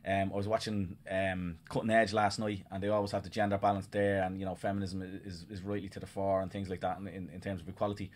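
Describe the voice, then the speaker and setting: A man's voice: low-pitched, level tone. An Irish man, a guest author, arguing a point earnestly in a casual discussion, with frequent restarts. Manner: earnest, rapid, argumentative with restarts.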